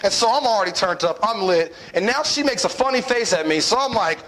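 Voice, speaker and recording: Animated young man telling a story. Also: high voice, brisk, few pauses, a little hiss or hum, poor audio. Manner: animated and playful, acts out his own lines, often asks "right?". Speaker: speaker telling a personal lesson. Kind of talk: storytelling talk to an audience.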